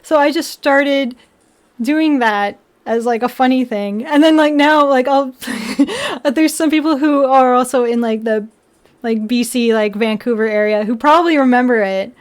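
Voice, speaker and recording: Giggly high-voiced young woman streamer. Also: moderate pace. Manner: chatty and giggly, full of "like" and restarts, baby-talks to her pets. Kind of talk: casual live-stream chat.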